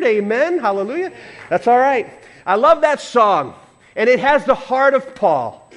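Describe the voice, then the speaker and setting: High-voiced animated man preaching a sermon. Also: normal speed. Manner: animated, playful, acts out voices and leads congregation singing. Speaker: pastor. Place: church.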